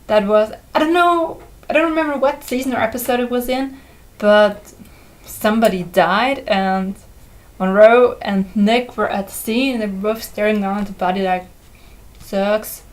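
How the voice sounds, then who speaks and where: A woman's voice: medium pitch, normal speed, low-quality recording. A young woman from Austria whose first language is German, chatting casually and enthusiastically in a review vlog. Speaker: vlogger.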